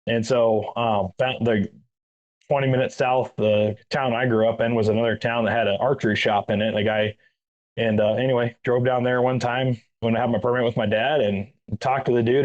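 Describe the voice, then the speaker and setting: A retired Army master sergeant from Central Texas, appearing as a guest, tells a rambling story in casual chat, sprinkling in "dude" and "man" with his Texan accent. His mid-range voice is a little mellow, and the recording sounds muffled.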